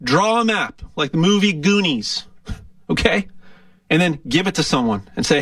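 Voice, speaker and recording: A man's voice: fairly high pitch, sing-song, moderate pace, fairly bright tone, dry recording, distant mic. Rambling, jokey talk-radio man. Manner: rambling, jokey, stammering restarts. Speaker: host reading a sponsor segment. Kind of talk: casual talk-radio ad read.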